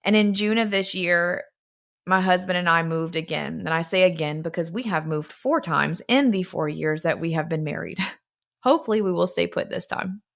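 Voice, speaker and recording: Woman in her forties, slightly low voice, heartfelt personal storytelling, vlog. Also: moderate pace, creaky, a bit bright. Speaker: fitness brand founder.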